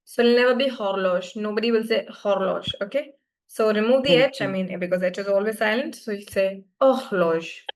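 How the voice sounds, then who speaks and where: A woman's voice: medium pitch, quick pace. A woman from India teaching a live beginner French class, patiently repeating words for students to echo.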